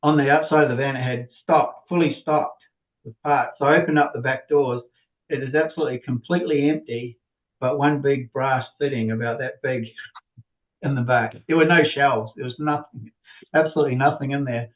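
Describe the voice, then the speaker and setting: A man's voice: medium pitch, steady tone, brisk, reverberant. Man telling stories over a tinny line. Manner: rambling, repeats words, acts out quoted people. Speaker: interview guest. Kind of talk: casual anecdotal storytelling.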